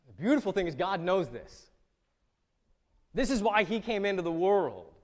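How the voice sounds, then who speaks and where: A man's voice: high voice, big pitch swings, moderate pace, big-room sound. A man preaching a sermon as pastor in a church, talking to the congregation in a joking, conversational way. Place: church sanctuary.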